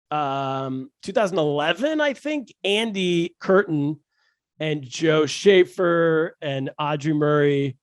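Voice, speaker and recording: A man, a stand-up comedian, telling animated, jokey stories as a podcast guest, with many restarts. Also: fairly high pitch, no room sound, clean studio sound. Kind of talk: casual podcast storytelling.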